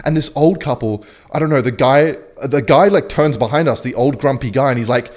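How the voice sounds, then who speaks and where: A young man from Western Australia telling a rambling, swear-filled story while playing a game, muttering quietly about his moves. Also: a little high, big pitch swings, fairly quick, hardly any pauses. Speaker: gaming streamer.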